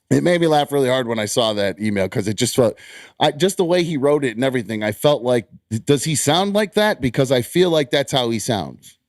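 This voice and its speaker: A man's voice: mid-range voice, lively intonation, a little fast, no echo, clean studio sound. A man hosting a casual podcast, rambling and joking with many fillers. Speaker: host.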